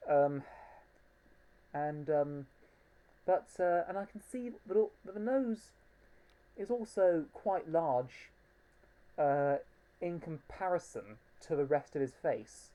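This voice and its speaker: A woman's voice: low voice, slow pace, pauses often, mellow, highs cut off. A woman reviewing a plush toy in a casual home video, hesitant and fond, with frequent ums and restarts.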